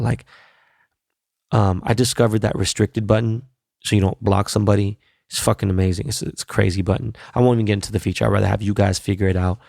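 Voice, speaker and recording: Male podcast host, low gravelly voice, blunt profane slang, dry close sound. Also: darkish tone, dry recording. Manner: loose, profane and blunt, laid-back street slang. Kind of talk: casual solo podcast wrap-up.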